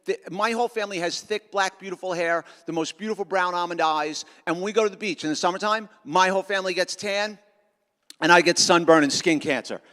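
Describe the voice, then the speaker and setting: A man's voice: sits high, brisk, sharp tone. A middle-aged man giving a joking, sarcastic motivational talk to students at a school assembly. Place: large school auditorium. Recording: echoey auditorium.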